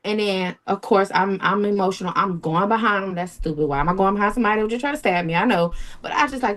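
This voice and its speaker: A woman of middle pitch tells a painful personal story to an interviewer. She speaks in a halting, emotional way and voices the quoted lines of the people involved as she goes. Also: a bit bright. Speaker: interview guest.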